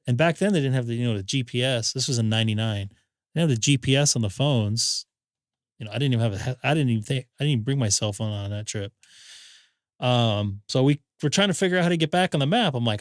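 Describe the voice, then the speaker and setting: A man's voice: medium pitch, fast, dry recording, studio quality. A man hosting a ham radio live stream, telling rambling stories in casual chat and acting out quotes. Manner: rambling anecdotes with acted-out quotes.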